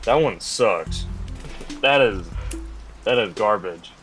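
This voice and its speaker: A man's voice: fairly low pitch, lively intonation, takes it slowly, fairly bright tone, faint music behind. A young man co-hosting a casual podcast, blunt and teasing with his friends. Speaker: podcast co-host.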